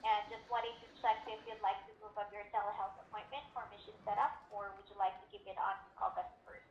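A woman's voice: mid-range voice, steady tone, quick pace. A woman nurse calling a patient, polite and hesitant with many fillers. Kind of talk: phone call. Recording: tinny echoey phone line with faint noise.

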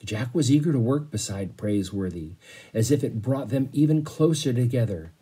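A man reading a children's novel aloud to a class in a steady, measured storytelling manner. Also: medium pitch, slightly rough. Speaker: teacher's guest reader.

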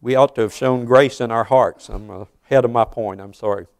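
A man's voice: mid-range voice, steady tone, fairly quick, no room sound. A man in his sixties preaching a sermon in a church, earnest and putting questions to his congregation. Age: 60s.

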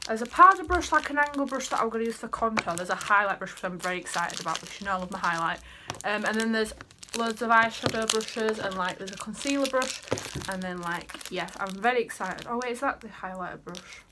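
A woman's voice: mid-range voice, fairly quick, background noise. A young woman chatting in a casual home vlog, bubbly and rambling as she gushes over things. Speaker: vlogger. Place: family home, indoors.

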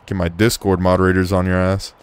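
A man's voice: low-pitched, monotone, fast talker, smooth. Jumpy, cursing gaming commentator man. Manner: profane, jumpy and joking. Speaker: gaming YouTuber. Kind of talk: horror game let's play commentary.

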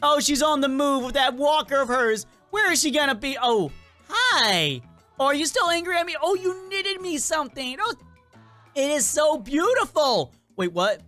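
Playful bright-voiced let's-play host. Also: high-pitched, moderate pace, faint music behind. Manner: playful, animated, jokey asides to viewers. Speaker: gaming channel host.

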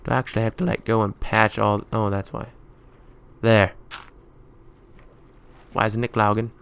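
A man's voice: fairly low pitch, little pitch movement, normal speed, vocal fry, a bit bright, clear, resonant tone. A man giving rambling let's play commentary, muttering to himself as he plays. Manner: chatty, rambling running commentary; muttering to himself while building. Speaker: gaming YouTuber.

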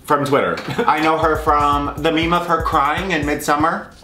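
A man's voice: a little high, fairly even intonation, moderate pace, echoey room, background noise. A young man vlogging in his home kitchen, joking and laughing at himself as he talks. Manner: self-mocking, joking asides and laughter. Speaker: food vlogger. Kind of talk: casual comedic vlog.

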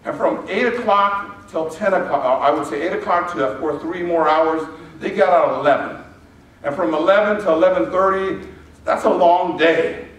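A man's voice: a little high, moderate pace, fairly bright tone, slight background noise. Guy preaching a sermon, chatty, tells stories, far from the mic, big echoey church room. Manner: conversational, storytelling preaching with asides. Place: church auditorium. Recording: echoey hall, distant mic.

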